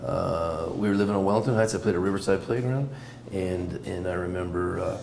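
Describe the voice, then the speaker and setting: A middle-aged Canadian man tells his stories quickly and with energy, often doubling up his words. His voice sits fairly low. He was recorded at a café table in an echoey room, with steady noise in the background. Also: gravelly, crowd noise. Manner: animated, repeats words while telling stories. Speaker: guest, business owner. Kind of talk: casual interview storytelling.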